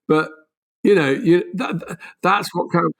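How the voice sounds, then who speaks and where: A man's voice: sits high, takes it slowly, creaky, a bit bright. A man, an author and podcast guest, explaining animatedly with emphatic rises on key points. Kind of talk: conversational explanation.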